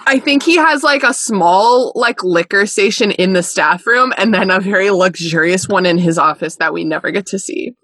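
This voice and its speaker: A woman's voice: mid-range voice, moderate pace, few pauses, fairly bright tone, no echo. A woman co-hosting a podcast in a casual, laughing chat, swearing freely and talking with enthusiasm. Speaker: podcast co-host.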